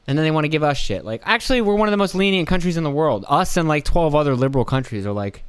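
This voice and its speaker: Profane rambling man, smooth dry voice. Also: on the high side, animated, quick pace, few pauses, no room sound. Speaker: podcast host. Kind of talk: casual solo monologue. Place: at home.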